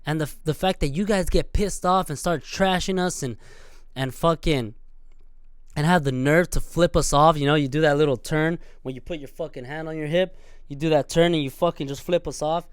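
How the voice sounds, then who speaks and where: A young man hosting a podcast, ranting in an animated, profane way and acting out scenes with sudden loud outbursts. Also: a little high, moderate pace, clean tone, no echo, studio quality. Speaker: podcast host. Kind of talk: profane solo rant.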